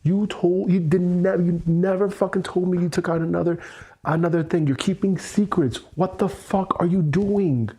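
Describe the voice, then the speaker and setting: A man's voice: high-pitched, steady tone, normal speed, warm tone. A man hosting an EFT tapping session, venting with angry, profane, repetitive words and weary sighs.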